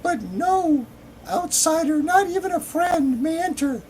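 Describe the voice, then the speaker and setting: A man voicing a solemn young female wood elf guardian in a strained, very high falsetto, speaking slowly and gravely. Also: animated, a little mellow, slight background noise, low-quality recording.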